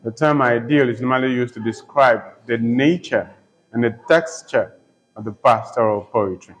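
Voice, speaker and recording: A man's voice: medium pitch, normal speed, low-quality recording. A man teaching a poetry lesson, repeating each term several times and spelling words out letter by letter. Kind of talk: slow poetry lesson with dictation.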